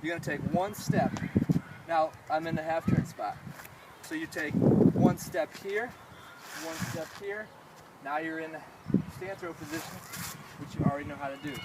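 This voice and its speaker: A man's voice: fairly high pitch, very animated, moderate pace, creaky, long pauses. Man coaching discus on an open field. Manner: patient, step-by-step, checks understanding. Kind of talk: outdoor coaching demonstration. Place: outdoor athletic field. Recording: distant voice in loud outdoor noise.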